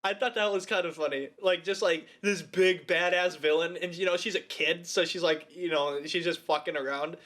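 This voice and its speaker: A man's voice: high voice, normal speed, hardly any pauses. A man co-hosting a podcast, reviewing a movie in casual chat, swearing freely and laughing as he acts out scenes. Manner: profane, animated, laughing storyteller. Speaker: podcast co-host.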